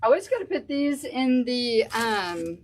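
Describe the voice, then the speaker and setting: Slow, chatty woman crafting. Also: fairly high pitch, lively intonation, rough recording. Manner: chatty, thinking aloud while working. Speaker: craft show host. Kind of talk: casual craft livestream chat.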